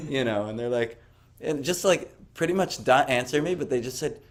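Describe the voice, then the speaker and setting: A man's voice: medium pitch, expressive, brisk, creaky, hardly any pauses, darkish tone. A man giving a casual personal testimony talk, rambling with lots of fillers and a self-amused tone. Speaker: devotional speaker.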